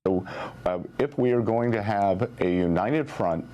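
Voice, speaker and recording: Measured low-voiced official. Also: male voice, mellow. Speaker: government official in interview. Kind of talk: televised interview answers.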